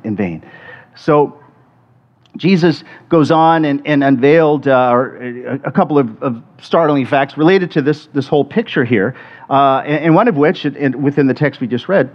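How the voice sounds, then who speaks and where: A man's voice: mid-range voice, normal speed. A middle-aged man preaching a sermon in a conversational way, often restarting and repeating words. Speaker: pastor. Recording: muffled lo-fi sermon recording.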